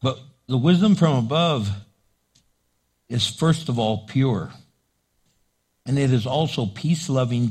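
A middle-aged man preaching a sermon as pastor, loud and animated, acting out little voices to make his points. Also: mid-range voice, unhurried, pauses often, slightly rough.

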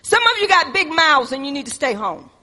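A woman preaching a sermon, moving between loud exhortation and hushed personal stories, calling her listeners "y'all.". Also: sits high, a little fast, big-room sound. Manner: animated, swings from loud exhortation to hushed storytelling; addresses the congregation as "y'all".

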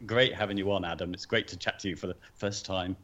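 A man co-hosting a podcast, talking casually and quickly. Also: low-pitched, fairly even intonation, fairly bright tone, lo-fi sound. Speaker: podcast co-host.

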